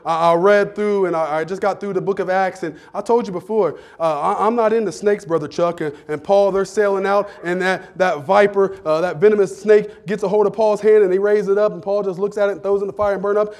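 A male pastor delivers a sermon in a church. His voice sits high for a man. He jokes with the congregation in a loose, conversational way and works himself up into fervent preaching. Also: steady tone, fast, hardly any pauses, darkish tone. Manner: humorous, conversational preaching with rising fervor.

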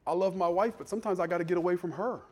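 Pastor guy preaching in church, pretty high voice, gets loud then goes quiet, acts out little voices. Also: very fast. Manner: lively preaching, dropping to soft asides and acting out voices. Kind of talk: sermon.

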